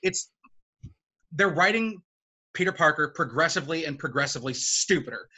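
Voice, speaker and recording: Man, slightly high bright voice, sarcastic swearing debater. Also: expressive, brisk. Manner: sarcastic, swears, mimics characters. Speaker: debater defending a film. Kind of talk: casual debate.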